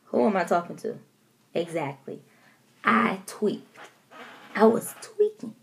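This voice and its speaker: A woman from Detroit telling a story to her camera at home in a casual vlog, animated and expressive, laughing often and acting out what people said. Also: mid-range voice, slow pace, vocal fry, long pauses. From Detroit, USA. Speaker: vlogger.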